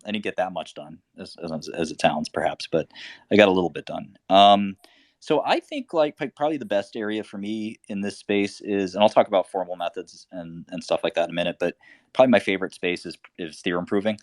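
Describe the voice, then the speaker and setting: A man's voice: low voice, no echo, studio quality. A man hosting a live audio chat, thinking aloud in a rambling casual way with lots of fillers. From Albanian family background. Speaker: host. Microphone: remote voice chat.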